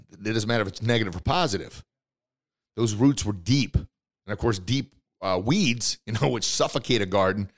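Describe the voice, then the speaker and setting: Guy hosting a motivational podcast, all fired up, talks right at you, yells the big lines. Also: fairly low pitch. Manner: excited, coaching the listener directly. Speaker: podcast host.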